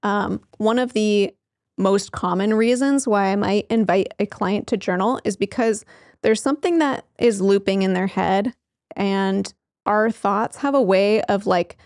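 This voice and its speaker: Speaking unhurriedly in a darkish, mid-range voice, a woman therapist in her thirties explains things casually to camera as a show host, chatty, full of fillers, laughing frequently. The audio is studio quality with no room sound.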